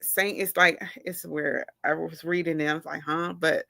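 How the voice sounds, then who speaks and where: Bright-voiced woman talking casually. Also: low-pitched, steady tone, normal speed, creaky, no room sound, studio quality. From United States. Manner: rambling, with many fillers and restarts. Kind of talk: casual informal talk.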